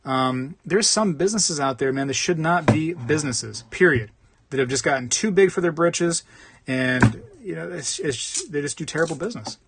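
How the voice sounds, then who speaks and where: Man, livestream host, casual rambling chat, slightly high voice. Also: lively intonation, normal speed, noisy background. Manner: rambling, chatty, reads out chat.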